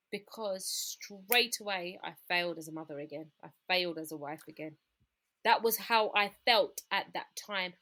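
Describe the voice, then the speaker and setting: A woman tells her own story in an interview, her voice carrying a gravelly edge. She talks candidly and acts out what everyone said to her. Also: fairly low pitch, fairly bright tone. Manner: candid, recounting events with quoted dialogue. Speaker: guest. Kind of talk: personal story in a podcast interview.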